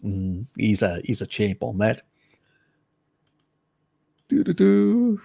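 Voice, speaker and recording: A man's voice: on the low side, fairly even intonation, moderate pace, vocal fry, darkish tone, husky. A man hosting a casual live stream, chatting with viewers in a teasing, cheeky way and laughing often.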